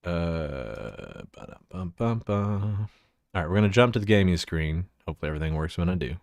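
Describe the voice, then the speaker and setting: A man's voice: low voice, expressive, moderate pace, vocal fry, no room sound. A man from Central Texas chatting casually on a livestream, swearing freely and laughing often while he fiddles with his setup. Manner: loose and profane, laughs often, talks while fiddling with settings. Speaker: livestreamer showing his avatar model.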